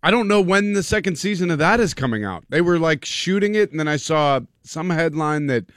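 A man's voice: on the high side, lively intonation, fairly quick, a bit bright, dry recording. Joking blunt guy chatting with friends, dry sound. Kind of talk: casual chat.

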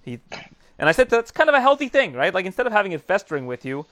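A man hosting a casual mixed martial arts chat show, talking fast and chatty with many fillers. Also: sits high, big pitch swings, fairly bright tone, dry recording. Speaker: MMA show host.

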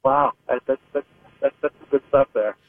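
A medium-pitched man talks at normal speed with fairly even intonation, no room sound, over a narrow phone connection. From Pittsburgh, he's a sports reporter phoning into radio to give analysis, rambling and hesitant, restarting sentences again and again.

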